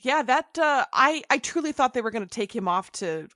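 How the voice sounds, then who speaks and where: A woman co-hosting a casual TV recap podcast, animated and quick to laugh as she quotes favorite lines. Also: mid-range voice, dry recording, clean studio sound. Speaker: podcast co-host.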